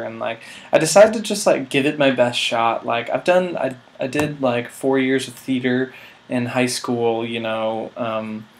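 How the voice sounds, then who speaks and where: A man in his twenties telling a rambling, self-mocking comic story, full of filler words. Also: mid-range voice. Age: 20s. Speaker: vlog host.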